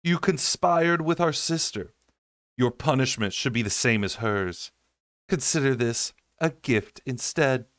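A man voicing an ancient, scornful queen, speaking coldly and accusingly in a raised pitch. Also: expressive, measured pace, a bit bright, dry recording, studio quality. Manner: cold, accusing.

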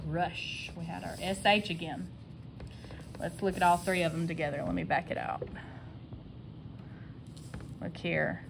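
Kindergarten teacher lady sounding out letters real slow, phonics lesson, little bit of hiss behind. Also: fairly low pitch, fairly bright tone.

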